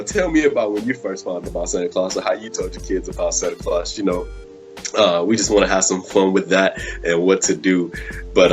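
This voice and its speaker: A man with a very low voice hosts a live web show, telling stories in a loose, casual way. He acts out the quotes as he goes and drops "man" into almost every sentence. Faint music plays behind him. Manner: animated storyteller, acts out quotes, says "man" often. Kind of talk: casual storytelling and show talk.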